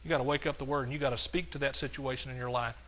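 A man preaching a sermon as pastor, with emphatic lines that swing from soft to hollering. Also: mid-range voice, steady tone, rapid-fire.

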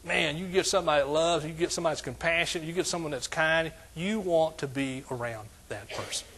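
A man preaching a sermon to a congregation, asking them questions and building to loud exclamations. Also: a little high, fast. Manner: preaching with call-and-response, rising to shouts. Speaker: pastor.

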